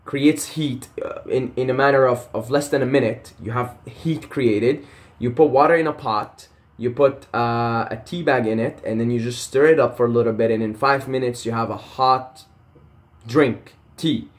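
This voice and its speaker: A man's voice: medium pitch, normal speed. A young man talking casually to camera in a passionate, rambling rant full of swearing and tangents. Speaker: vlogger.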